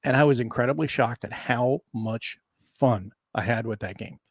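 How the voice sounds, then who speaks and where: A man's voice: medium pitch, moderate pace, dry recording, clean studio sound. A man co-hosting a board game stream in casual chat, laughing often and acting out remembered lines.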